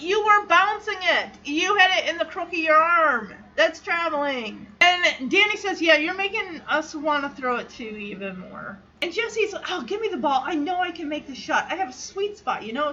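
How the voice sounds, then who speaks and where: Woman podcast host, high bright voice, chatty casual recap, slightly dull lo-fi sound. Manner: chatty, lots of "like", acts out quoted lines.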